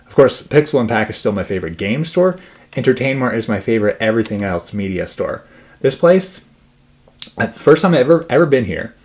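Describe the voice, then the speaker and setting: A man's voice: mid-range voice, animated, a little fast. Rambling, breathless young man vlogging. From Spokane area, US Pacific Northwest. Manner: rambling, self-interrupting, chatty. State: slightly out of breath. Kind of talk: casual rambling vlog.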